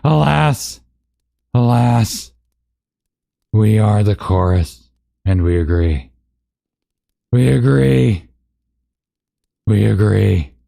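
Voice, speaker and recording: A man's voice: lowish voice, lively intonation, very slow, gravelly, pauses often, mellow, pitched above the performer's own voice, full character voice. A man voicing a grand, mournful elf queen in a sing-song, mock-solemn lament.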